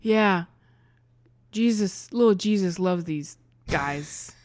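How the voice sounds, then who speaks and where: A woman voicing a laid-back, joking male God who talks loud and breezily. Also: lowish voice, slow pace, no echo, studio quality. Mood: breezy.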